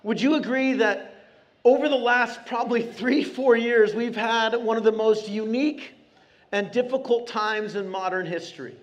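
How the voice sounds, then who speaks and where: A man preaching a sermon to his congregation in a church, talking in an earnest, conversational way and slowing down hard on key phrases. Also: extremely high pitch, dull audio. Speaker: pastor. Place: church sanctuary.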